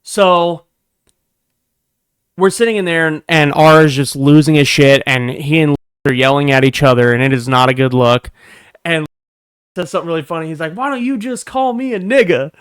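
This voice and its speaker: A man's voice: on the high side, moderate pace, long pauses, smooth, no echo, studio quality. A young man vlogging an angry workplace story, profane and emphatic, acting out what people said. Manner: profane, emphatic, acts out quotes with sudden loud bursts. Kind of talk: animated storytelling vlog.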